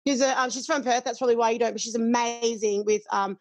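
High-voiced woman, candid chat. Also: steady tone, fast talker, no echo. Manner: candid, swears freely, laughs often. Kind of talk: casual chat.

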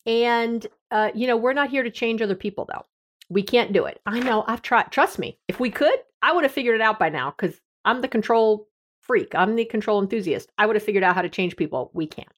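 A woman's voice: fairly high pitch, lively intonation, fairly quick. A middle-aged woman, a therapist hosting an advice podcast, talking candidly in a conversational, self-deprecating way.

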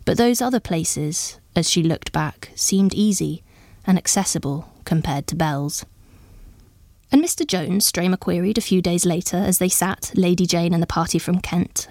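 A woman with a fairly low voice reads a story aloud at a measured pace. The sound is close and dry with no room around it. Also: a little mellow, no room sound. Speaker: audiobook narrator. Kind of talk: scripted story narration.

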